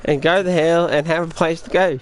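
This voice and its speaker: A man's voice: fairly high pitch, steady tone, a little fast. A young man, rambling and swearing as he talks straight to his live-stream chat during a game. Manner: rambling, profane, addresses chat directly.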